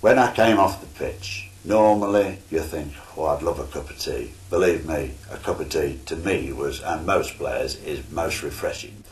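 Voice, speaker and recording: A man's voice: rumbling low, normal speed, hardly any pauses, a little hiss or hum. An older man, a retired footballer, telling stories from his playing days in a formal storytelling manner. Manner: formal storytelling with quoted dialogue. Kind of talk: reminiscing oral history. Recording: roomy interview recording.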